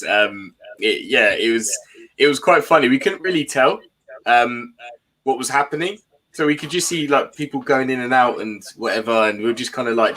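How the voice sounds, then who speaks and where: A man talking as a guest fan in a casual football chat, excitable and enthusiastic, laughing often. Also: medium pitch.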